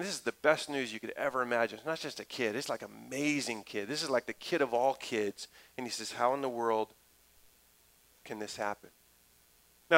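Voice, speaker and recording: A middle-aged man preaches a sermon in a loose, conversational way, tossing in asides as he goes. His voice is bright and forceful at an ordinary middle pitch. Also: poor audio. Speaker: pastor.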